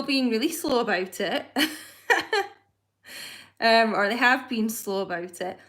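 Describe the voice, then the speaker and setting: A woman's voice: on the high side, a bit bright. Rambling woman giving a tarot reading. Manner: rambling, searching for words. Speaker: tarot reader. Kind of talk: casual live-stream tarot reading.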